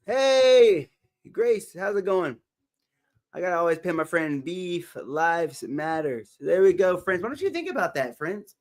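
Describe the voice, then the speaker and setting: A man with a fairly high voice hosts a casual live stream. He chats upbeat and loose, calls out viewers by name and laughs easily between his encouragement. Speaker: livestream motivational host. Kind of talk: live stream chat reading. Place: home livestream setup.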